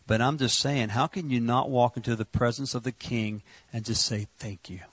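A man preaching a sermon, impassioned and repetitive, rising to shouts on words of praise. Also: mid-range voice, steady tone, moderate pace, no room sound.

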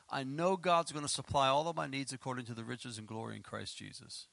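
Animated preacher man, bright dry voice. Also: brisk, gravelly, few pauses, no echo. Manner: animated, laughing, acts out quotes with pitch leaps. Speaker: pastor. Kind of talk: sermon.

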